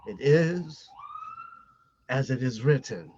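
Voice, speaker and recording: An actor playing a haunted, reclusive older husband who talks in a halting, stammering, brooding way. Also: male voice, mid-range voice, lively intonation, darkish tone, muffled recording, a little hiss or hum. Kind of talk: amateur audio drama.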